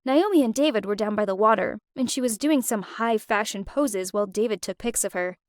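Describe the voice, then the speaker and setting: A woman narrating an animated first-person story in an emotive, expressive way. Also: mid-range voice, a little fast, no echo, studio quality. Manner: emotive, with wide swings of expression.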